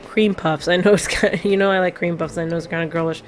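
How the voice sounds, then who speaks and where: A woman reading a quiet grieving teenage boy. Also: lowish voice, fairly even intonation, fast talker, soft background music, lightly acted. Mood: wistful. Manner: reading game text aloud plainly.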